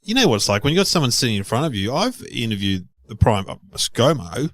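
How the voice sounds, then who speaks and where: A middle-aged Australian man co-hosting a podcast, chatting casually and telling anecdotes with lively impressions of others. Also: medium pitch, fast talker, dry recording. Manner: storytelling, animated impressions of others. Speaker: podcast co-host, comedian. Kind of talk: casual chat.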